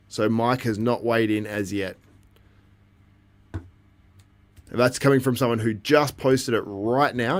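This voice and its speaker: Chatty male livestream host, lowish voice. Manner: chatty, reacting to the live feed and chat, laughs often. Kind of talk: casual live commentary.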